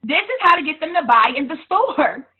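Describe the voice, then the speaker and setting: Blunt high-pitched woman coach, tinny sound. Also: normal speed. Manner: blunt, animated, laughs and hollers. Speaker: business coach. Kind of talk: motivational talk on retail and social media.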